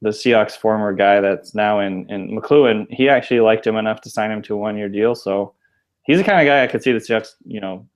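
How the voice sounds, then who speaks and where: A man's voice: fairly low pitch, brisk. A man co-hosting a sports podcast, giving easygoing opinions and hedging with "like" and "I think". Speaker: podcast co-host. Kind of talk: casual sports podcast chat.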